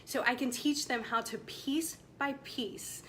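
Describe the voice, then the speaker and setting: Woman, 40s, motivational coach, bright forceful tone, slightly high, faint rumble under it. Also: steady tone, a little slow. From United States. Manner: emphatic, passionate, preachy. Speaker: women's coach. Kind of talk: direct-to-camera motivational talk.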